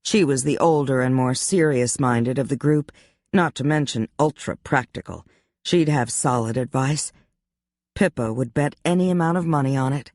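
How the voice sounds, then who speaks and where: An audiobook narrator reading a romance novel in an even, measured way. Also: mid-range voice, dry recording, studio quality.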